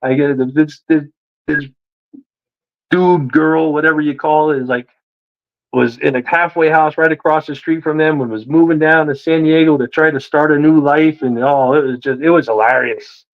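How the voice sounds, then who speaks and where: A man telling a story in a casual interview, animated and acting out the voices of the people he quotes. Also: fairly high pitch, moderate pace, highs cut off. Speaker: guest.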